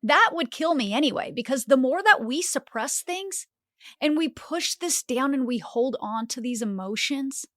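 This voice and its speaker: A woman's voice: high voice, normal speed, no room sound, studio quality. A woman hosting a motivational podcast, talking animatedly and dropping in lots of "like" fillers. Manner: animated, acts out inner voices, frequent "like" fillers. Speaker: podcast host.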